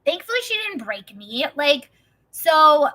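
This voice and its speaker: A woman's voice: sits high, sing-song, measured pace, bright, forceful tone, poor audio. A woman in her twenties from Wisconsin telling a heated personal story in a casual vlog, swearing often and saying "like" constantly. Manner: profane, heated, heavy use of "like" as filler. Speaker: vlogger.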